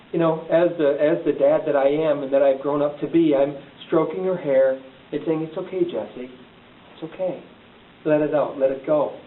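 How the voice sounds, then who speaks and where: A middle-aged man giving a heartfelt motivational talk, telling a personal story in an earnest, emphatic way. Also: on the high side. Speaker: motivational speaker. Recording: echoey, distant, tinny, hissy recording.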